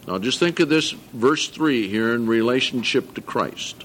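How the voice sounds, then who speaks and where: An older man preaching a sermon to a congregation, earnest, slowing down to stress scripture and correcting himself as he goes. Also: medium pitch, lively intonation, fairly bright tone. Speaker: pastor.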